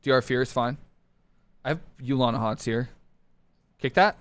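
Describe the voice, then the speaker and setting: A man streaming a competitive online game live, talking his teammates through the match in short clipped callouts and bursting into excited shouts. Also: mid-range voice, normal speed, smooth, no room sound. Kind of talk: live gameplay commentary.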